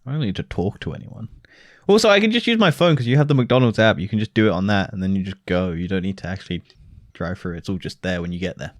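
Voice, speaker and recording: A man from Britain co-hosting a podcast, teasing and chatting casually with quick laughs. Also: deep voice, expressive, no room sound. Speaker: podcast co-host. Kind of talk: casual chat.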